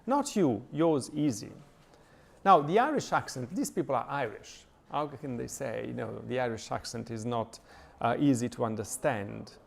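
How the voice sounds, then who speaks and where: Halting man lecturing, gravelly voice. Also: medium pitch. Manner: thoughtful, many hesitations and fillers. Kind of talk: lecture reading and analyzing a poem. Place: church lecture.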